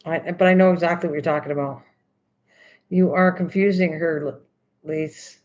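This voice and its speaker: A woman's voice: low voice, steady tone, normal speed, darkish tone, dull audio. An older woman hosting a craft video, chatting casually and teasingly, repeating words over and over while she works.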